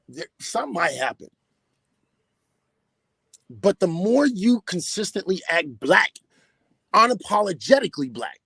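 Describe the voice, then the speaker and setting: Male podcast host, high and raspy, swearing hard, dry close sound. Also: a bit bright, dry recording. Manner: profane, emphatic ranting. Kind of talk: casual podcast commentary.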